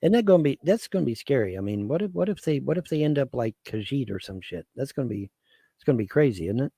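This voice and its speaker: A man's voice: mid-range voice, expressive, quick pace, mellow, slightly rough, no room sound. A man chatting on a live stream, rambling and swearing, laughing often as he talks. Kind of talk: casual live stream chat.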